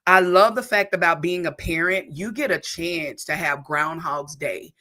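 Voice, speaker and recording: An emphatic woman pastor speaks on a church talk show, pressing her points in a preacherly way. Her voice is bright and forceful. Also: on the low side, a little slow. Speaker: pastor and co-host.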